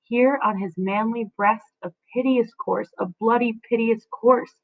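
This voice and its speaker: Brief: a woman playing a frantic old nurse, raised and shrill, in a thin lo-fi recording. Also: steady tone, a little slow, dry recording. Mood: horrified. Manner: high, loud, wailing repetitions. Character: distraught old female nurse, wailing. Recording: phone-like lo-fi audio.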